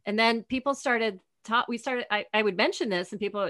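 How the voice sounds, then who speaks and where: Animated woman telling lively stories. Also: fairly high pitch, brisk, no room sound, studio quality. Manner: animated storyteller, acts out dialogue, laughs often. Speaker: guest, author. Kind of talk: conversational interview.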